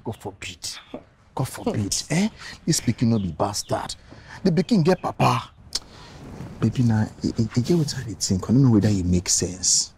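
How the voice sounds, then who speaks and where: Coaxing young Nigerian man, dark voice. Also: mid-range voice, animated, moderate pace, a little hiss or hum. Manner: pleading, coaxing. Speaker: poor young lover. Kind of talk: Nigerian film dialogue in Pidgin.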